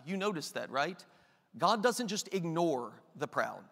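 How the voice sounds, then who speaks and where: High-voiced male preacher in a reverberant hall. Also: big pitch swings, measured pace, creaky, a bit bright. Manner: emphatic, repetitive preaching with rhetorical questions. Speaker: pastor. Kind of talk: sermon.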